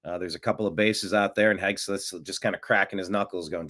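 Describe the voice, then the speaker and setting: This American solo political show host speaks briskly and without a script. Sarcastic and lively, he pushes his pitch up for mocking asides.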